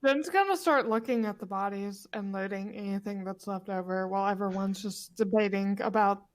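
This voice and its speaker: A woman playing a tabletop role-playing game, talking quickly and joking. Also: mid-range voice. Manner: quick, joking, laughs often. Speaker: player. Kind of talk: tabletop role-play, in character and out.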